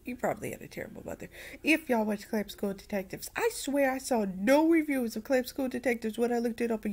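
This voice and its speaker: A woman giving a casual anime review, rambling and repeating herself in an animated way. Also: on the high side.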